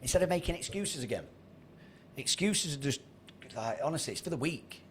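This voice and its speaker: Guy ranting motivational stuff on a zoom call, swears a lot, bit high voice. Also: animated, fairly quick, a little hiss or hum. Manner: blunt, sweary, preachy. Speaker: trading mentor. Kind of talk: motivational talk on a group video call. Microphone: video call.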